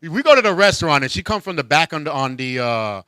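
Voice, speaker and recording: A man hosting a casual comedy talk show, joking and animated, laughing often. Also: fairly high pitch, fast, smooth, no room sound. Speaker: host.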